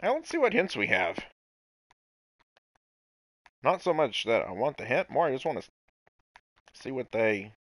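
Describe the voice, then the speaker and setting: Animated playful man narrating his gameplay. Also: medium pitch, normal speed, pauses often, dry recording. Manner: playful, talks to himself, mock voices and sudden outbursts. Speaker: gameplay commentator. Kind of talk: casual let's-play commentary.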